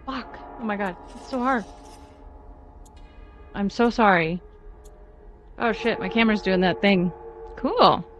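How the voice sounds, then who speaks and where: A woman streaming a video game live, reacting with excitable commentary and frequent swearing and apologies. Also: medium pitch, slow, long pauses, highs cut off, faint music behind.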